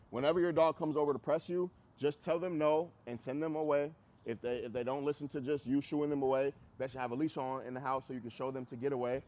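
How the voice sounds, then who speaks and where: Guy teaching a dog class, blunt and chatty, repeats himself to drive a point home, mid-pitched voice, dogs around. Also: a little mellow. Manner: blunt, conversational, repeats phrases for emphasis. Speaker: dog trainer. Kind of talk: group class instruction outdoors.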